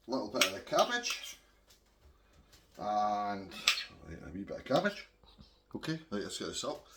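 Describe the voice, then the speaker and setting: A man's voice: medium pitch, a bit bright, echoey room, distant mic, slight background noise. A Scottish man chatting homely to viewers while he cooks in his kitchen. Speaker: home cook vlogger. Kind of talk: casual cooking demonstration. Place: home kitchen.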